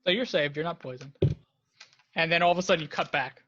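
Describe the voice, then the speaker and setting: A man's voice: a little high, quick pace, bright, forceful tone. A man running a tabletop game as dungeon master, narrating loosely with many fillers. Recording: dull lo-fi dry sound.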